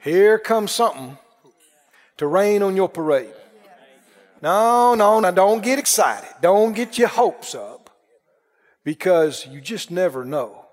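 A man preaching a sermon in a folksy way, dropping low and quiet, then rising to shouts. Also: lively intonation, slow, pauses often. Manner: folksy, dips soft then rises to shouts. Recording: long reverb of a large hall.

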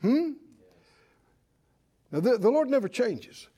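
Speaking slowly in a very high, breathy-edged voice, a male pastor delivers an animated sermon. He trades call-and-response questions with the congregation, voices the people he quotes, and laughs frequently.

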